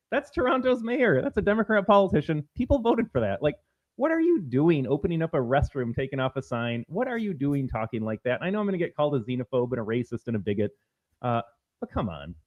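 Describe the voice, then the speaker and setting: A blunt, opinionated man co-hosts a political talk stream, ranting at length to his viewers. His voice sits a little high. The audio is dull and lo-fi. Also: very animated, a little fast. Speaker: podcast co-host. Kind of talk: political talk show banter.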